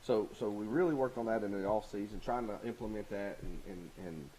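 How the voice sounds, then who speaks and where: A man's voice: on the low side, dark tone, rough recording. Coach guy chatting, laughs a lot, trips over his words, bit of hiss. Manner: laughs easily, halting restarts. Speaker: high school basketball coach. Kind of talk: casual interview chat.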